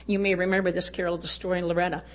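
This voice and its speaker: A woman's voice: on the low side, level tone, very fast. Folksy woman storyteller at a podium. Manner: folksy, chuckles often. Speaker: women's conference speaker. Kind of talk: storytelling speech to a live audience.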